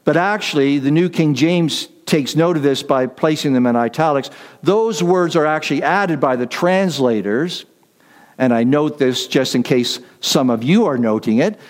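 Male pastor preaching in a reverberant hall. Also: a little high. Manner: deliberate, repetitive emphasis with slowed key phrases; self-deprecating asides. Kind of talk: sermon.

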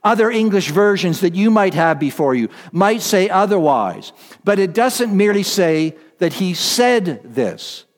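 High-voiced preacher in a reverberant hall. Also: male voice, sing-song. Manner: deliberate, emphatic, repeats key phrases. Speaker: pastor. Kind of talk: sermon.

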